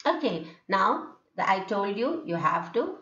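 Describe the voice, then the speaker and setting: A woman's voice: medium pitch, very animated, measured pace, fairly bright tone. Woman lecturing, echoey lo-fi recording. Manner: explanatory, frequent "okay" fillers, reads examples aloud. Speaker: English teacher. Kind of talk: lecture on intonation. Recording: echoey room, dull lo-fi sound.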